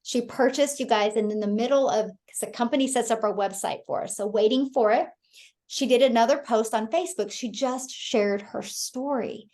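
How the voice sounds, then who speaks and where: A woman in her thirties from Kansas, USA, hosts a live sales webinar, enthusiastically telling a story and frequently calling her audience "you guys." Her voice is fairly high with a darkish tone, at a normal speed.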